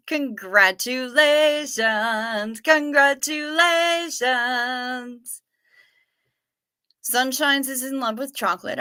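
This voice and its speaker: A woman's voice: fairly high pitch, vocal fry, pushed and bright. A woman hosting a casual livestream, greeting viewers by name and chatting in a profane, effusive way. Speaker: livestream host. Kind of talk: casual livestream chat reading viewer comments.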